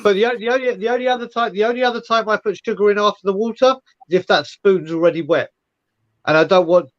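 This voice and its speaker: A man's voice: high-pitched, quick pace, no room sound, lo-fi sound. A man hosting a casual chat who rambles, restarts his sentences and repeats words. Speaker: podcast host.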